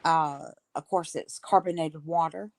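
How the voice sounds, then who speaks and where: A woman's voice: low-pitched, fairly even intonation, a little slow. A woman with a Southern American accent in casual chat, explaining things in a rambling, hesitant way. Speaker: co-host.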